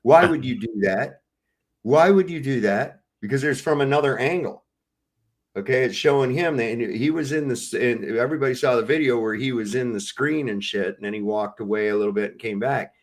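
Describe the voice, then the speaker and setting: A man co-hosting a casual live-stream chat, venting with a lot of swearing and animated storytelling. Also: medium pitch, brisk. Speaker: livestream co-host.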